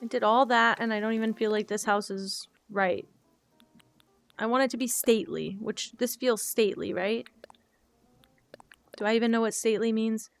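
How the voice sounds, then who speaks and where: A woman's voice: a little high, steady tone, moderate pace, creaky, long pauses, faint music behind. A woman streaming a game, chatting casually and emotionally with viewers while she plays.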